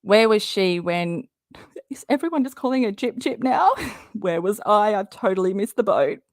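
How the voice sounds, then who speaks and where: A woman's voice: mid-range voice, expressive, moderate pace, darkish tone, dry recording, clean studio sound. A woman hosting a live stream of drama commentary. She talks bluntly and heatedly, swears freely, and reads viewer comments from the chat.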